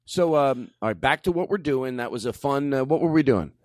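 A man's voice: mid-range voice, expressive, brisk, background noise. A man hosting a podcast, joking and rambling in casual banter. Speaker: podcast host.

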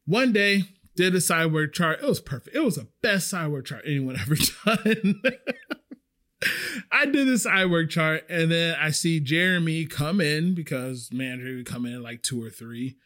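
A man casually telling a story about his restaurant job, animated and swearing freely. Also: a little high, moderate pace. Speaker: restaurant server.

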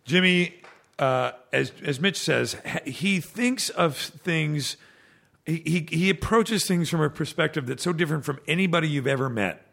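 A man's voice: a little high, moderate pace, creaky, fairly bright tone. A man chatting casually as a podcast guest, telling stories and often stopping to restart with filler words. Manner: rambling storyteller with frequent fillers and restarts. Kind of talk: casual chat.

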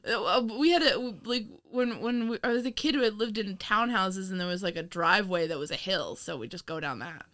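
A woman's voice: medium pitch, fairly quick, hardly any pauses, fairly bright tone. A woman from New York co-hosting a casual podcast chat, talking loosely with lots of laughter and casual swearing. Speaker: podcast co-host.

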